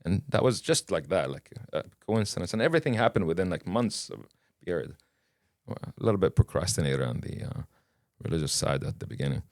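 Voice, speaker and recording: This Kuwaiti podcast guest, a native Arabic speaker, talks fast in a low voice with vocal fry. He recounts a personal story in an interview, relaxed and lively, voicing the dialogue himself. Clean studio sound, no echo.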